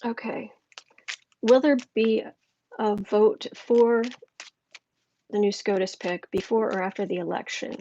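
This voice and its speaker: A woman's voice: medium pitch, fairly even intonation, measured pace, long pauses, warm tone, dull audio, a little hiss or hum. Chatty woman reading tarot live. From United States. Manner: chatty, thinking aloud with restarts. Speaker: tarot reader.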